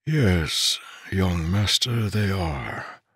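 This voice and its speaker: A man voicing a quiet, loyal male servant who speaks softly, slowly and with measured solemnity. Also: low-pitched, animated, breathy edge, dry recording, clean studio sound, exaggerated voice. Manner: soft, slow and measured.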